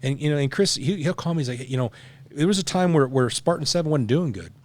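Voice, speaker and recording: A man's voice: fairly high pitch, animated, quick pace, no echo. A middle-aged man, a podcast guest, talking in a blunt, profane, emphatic way in casual conversation.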